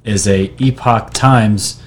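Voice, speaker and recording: A man with a fairly low voice talks through posts and articles he has pulled up on screen, in a loose, conversational way. He rambles, restarts sentences and drops fillers. A faint hiss of noise sits under the recording. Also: takes it slowly. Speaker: video channel host. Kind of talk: casual commentary reading from screen. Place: New York.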